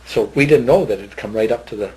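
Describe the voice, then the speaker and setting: A man's voice: medium pitch, fast talker, darkish tone, low-quality recording. An older man recounting something he witnessed long ago, in a rambling, plain voice. He keeps circling back and repeating himself, with plenty of fillers and restarts in his storytelling. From Northern Ontario, Canada. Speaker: eyewitness interviewee.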